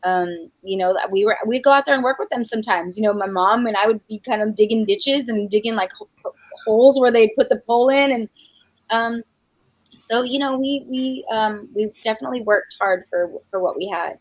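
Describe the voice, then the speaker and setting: A woman's voice: on the high side, a little fast, dry recording, poor audio. A middle-aged woman from New Mexico, a singer chatting as a guest in an interview, rambling with lots of fillers and restarts and laughing easily. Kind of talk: casual interview chat.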